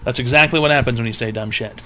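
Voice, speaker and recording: A man's voice: medium pitch, fast, bright, forceful tone, a little hiss or hum. A man hosting a livestream advice show, mocking his chat in a crude, rambling comedic rant.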